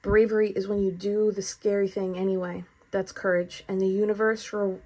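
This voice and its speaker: A woman's voice: medium pitch, flat delivery, normal speed, warm tone. Effusive woman giving a tarot reading. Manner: earnest, effusive, spiritual. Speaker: tarot reader. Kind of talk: casual spoken tarot reading.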